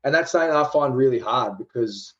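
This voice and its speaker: A man's voice: medium pitch, animated, fairly quick, a bit bright, dull audio. Chatty Australian man in his twenties. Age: 20s. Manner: chatty, self-deprecating, loose laid-back slang. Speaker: professional rugby league player, guest. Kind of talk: casual podcast interview.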